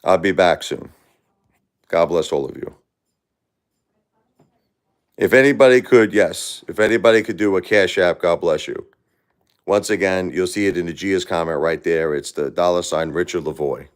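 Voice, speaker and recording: A middle-aged man hosting a casual livestream, reading viewer comments aloud. He is grieving and upset, moving between quiet sympathy and loud, angry outbursts. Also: sits low, moderate pace, pauses often, clean tone. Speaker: livestream host.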